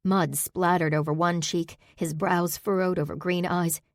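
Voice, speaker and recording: A woman's voice: on the low side, steady tone, a little slow, no room sound. A woman narrating a first-person fantasy audiobook with intimate, emotional storytelling on a close studio mic.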